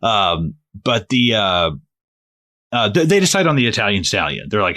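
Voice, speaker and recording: Animated man riffing on a film. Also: lowish voice, fairly quick. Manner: animated, swears freely, acts out quoted lines. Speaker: podcast co-host. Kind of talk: casual movie podcast chat.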